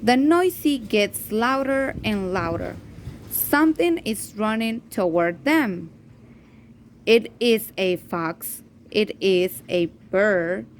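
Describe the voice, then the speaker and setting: A woman teacher reading a children's story aloud in a careful, halting way, repeating and correcting words as she goes. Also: mid-range voice, expressive, slight background noise. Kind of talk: reading a story aloud slowly, then in Spanish.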